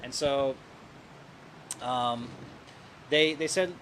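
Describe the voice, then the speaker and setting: A man with a Southern US accent talks casually as an interview guest. He rambles and doubles back on words as he thinks, his middle-pitched voice sitting in a noisy restaurant recording with clear background chatter. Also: normal speed, a bit bright. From southern United States. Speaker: guest, news editor. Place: Indian restaurant.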